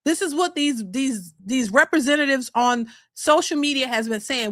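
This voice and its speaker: A woman's voice: high-pitched, moderate pace, hardly any pauses, no echo. A woman hosting a reaction channel, talking to her viewers in a sassy, emphatic, slang-filled way. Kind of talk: casual commentary to viewers.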